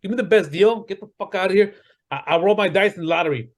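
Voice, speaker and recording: A man's voice: high voice, fast. A man co-hosting a casual sports podcast, ranting heatedly and swearing often. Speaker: podcast co-host.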